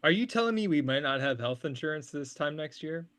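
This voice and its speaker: A man with a somewhat higher voice co-hosts a podcast. He banters with a teasing, playfully dramatic edge and jumps in with quick jokes. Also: expressive, a bit bright. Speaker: podcast co-host. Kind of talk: casual banter.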